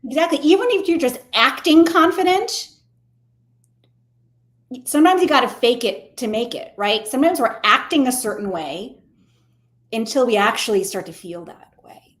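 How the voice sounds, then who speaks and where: Middle-aged woman, high voice, very lively pitch, emphatic, persuasive mentor. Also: normal speed. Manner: emphatic, persuasive, acts out quoted thoughts. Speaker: mentor and co-host. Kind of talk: casual discussion.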